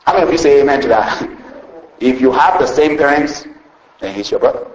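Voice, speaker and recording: A man preaching a sermon, retelling a parable with lively storytelling and a habit of asking "see?" after each point. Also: mid-range voice, moderate pace, lo-fi sound, slight background noise. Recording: roomy echo.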